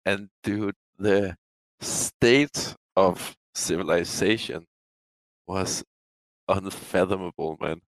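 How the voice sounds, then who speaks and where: A man with a very low voice, recorded dry and close with no room sound. He talks easily as a guest and stretches out his words for emphasis. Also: slow pace, no room sound, poor audio. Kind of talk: casual chat.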